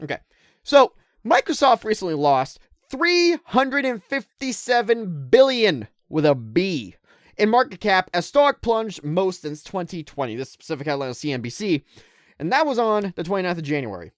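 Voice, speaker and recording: A woman's voice: mid-range voice, very animated, normal speed, no echo, studio quality. A woman gaming creator giving casual commentary to her viewers, irritated and ranting with lots of rhetorical questions.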